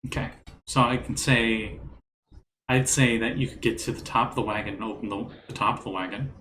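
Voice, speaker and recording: Male game master, bright tone, relaxed tabletop narration, roomy sound. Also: on the low side, a little fast, slight background noise. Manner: casual, loose, laughs easily.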